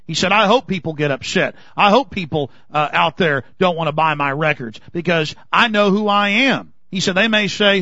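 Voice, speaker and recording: A man's voice: fairly high pitch, pushed and bright, dry recording, lo-fi sound. A man from Texas, delivering an impassioned, indignant talk radio monologue full of restarts. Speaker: political commentator.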